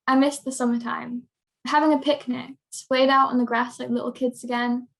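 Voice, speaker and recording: A teenage girl reading her own prose piece aloud in a steady, measured way. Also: on the high side, vocal fry. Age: teens. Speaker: young writer.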